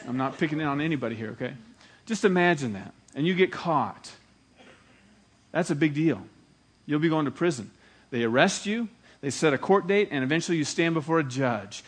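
A man's voice: fairly high pitch, a bit bright. A male pastor preaching a sermon, emphatic and dramatic in storytelling.

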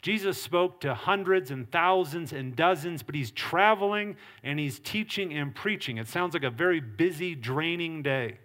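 Middle-aged pastor guy preaching, earnest and punchy, kinda high voice. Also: lively intonation, moderate pace, few pauses, a bit bright. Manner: earnest preaching with acted quotes and varied emphasis. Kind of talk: sermon.

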